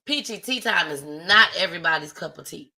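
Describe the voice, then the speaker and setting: A woman's voice: lowish voice, expressive, brisk, creaky, bright, forceful tone, rough recording. A woman hosting a live stream, talking casually and from the heart straight to her viewers. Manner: chatty, heartfelt, addresses viewers directly. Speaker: livestream host. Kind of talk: casual livestream talk.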